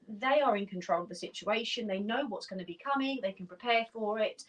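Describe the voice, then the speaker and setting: A woman's voice: moderate pace, hardly any pauses. Woman teaching dog training, mic far off. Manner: clear, practical explaining, breaks into high praise for the dogs. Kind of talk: instructional video.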